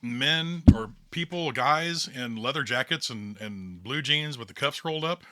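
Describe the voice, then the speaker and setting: A man's voice: mid-range voice, expressive, measured pace, pushed and bright. A man running a tabletop game as the storyteller, narrating in a loose, chatty way.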